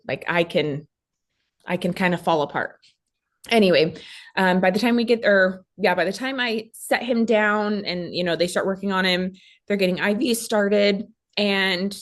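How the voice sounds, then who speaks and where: Woman from Texas, animated storyteller. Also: medium pitch. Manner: animated, acts out quoted voices. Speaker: podcast guest. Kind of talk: casual storytelling.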